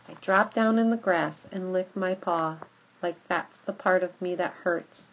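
A woman giving lively, expressive first-person narration of a children's story. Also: lowish voice, a little slow, dull audio. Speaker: audiobook narrator.

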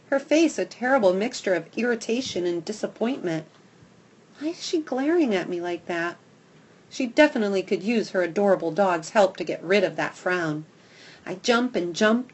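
A woman narrating a first-person audiobook with an expressive, dramatic storytelling manner. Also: mid-range voice.

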